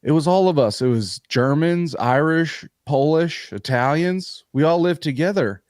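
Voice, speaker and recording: A man's voice: on the high side, a little slow, a little mellow, no echo, clean studio sound, voice pushed up, close to an everyday voice. A man putting on a grumbling old customer. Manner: folksy, complaining.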